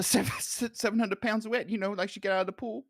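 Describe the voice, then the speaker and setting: A man's voice: sits high, steady tone, a little fast, no room sound, clean studio sound. A man playing an eccentric, morbid 84-year-old male caller with a wavering put-on accent, in an improvised comedy bit. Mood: deadpan. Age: 80s. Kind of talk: improvised comedy role-play.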